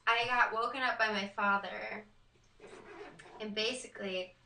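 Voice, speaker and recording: A woman's voice: medium pitch, fairly even intonation, measured pace, pushed and bright, roomy sound, recorded from a distance, a little hiss or hum, rough recording. A young woman telling a story in casual podcast chat, full of likes and ums. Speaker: guest.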